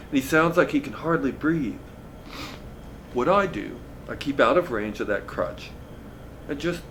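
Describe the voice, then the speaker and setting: A man reading a novel aloud in a relaxed, conversational storytelling manner. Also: medium pitch, a little hiss or hum. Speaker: reader of a novel.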